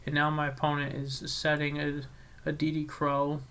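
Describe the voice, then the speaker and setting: A young man with a slightly higher voice talks through his card game play by play. He is chatty and excitable, second-guesses his moves, and stumbles over restarts as he thinks aloud. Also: moderate pace, clean tone. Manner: excitable, self-critical, chatty with frequent restarts. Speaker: channel host commentating his own card game. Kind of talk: casual play-by-play commentary.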